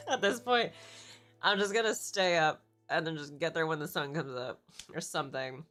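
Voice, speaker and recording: A woman's voice: deep voice, lively intonation, normal speed, long pauses, fairly bright tone, faint music behind. A woman streamer chatting casually, rambling through a story, swearing freely and laughing often. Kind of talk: casual chat.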